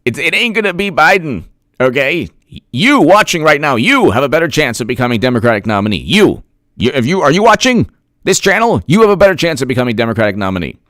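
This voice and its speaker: An excitable man delivering sarcastic political commentary straight to his viewers. His voice is smooth and resonant, and his pitch swings widely as he mocks and jokes. The sound is dry and close. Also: quick pace, no room sound. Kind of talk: animated solo political commentary.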